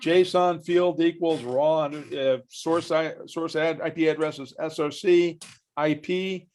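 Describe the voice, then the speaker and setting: A man leading a live online software training, walking through each step aloud and quizzing the class with true-or-false questions. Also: on the high side, steady tone, slow pace. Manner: chatty, asks the class questions, walks through steps aloud.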